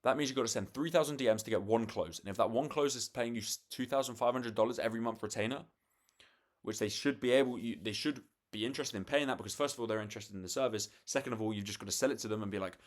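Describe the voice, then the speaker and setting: A man's voice: mid-range voice, fast talker. A young man, swearing freely and restarting sentences as he talks to camera late at night, acting out parts of a sales call. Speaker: vlogger.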